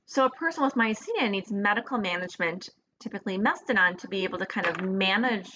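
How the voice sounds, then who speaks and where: Brief: woman lecturer, casual and halting, dull recording with faint hiss. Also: medium pitch, animated. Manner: casual, hesitant, many fillers and restarts.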